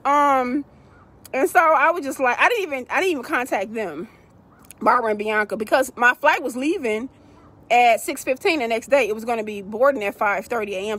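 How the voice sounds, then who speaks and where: Animated high-voiced woman vlogging. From United States. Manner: animated, addresses viewers as y'all, acts out quoted people. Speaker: vlogger telling a travel story. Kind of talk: casual storytelling to viewers.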